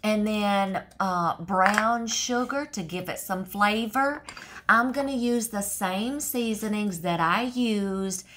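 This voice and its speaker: A woman's voice: mid-range voice, slow pace, a bit bright, slight background noise. A middle-aged woman, chatting folksily through a home cooking tutorial in her kitchen, always saying "y'all" and "okay".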